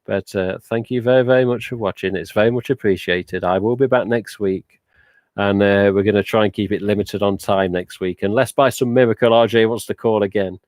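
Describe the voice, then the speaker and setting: An Englishman hosting a casual live stream rambles chattily through viewer comments, filling his talk with "uh" and "but yeah." His fairly low, slightly mellow voice moves briskly with fairly even intonation, and there's no room sound.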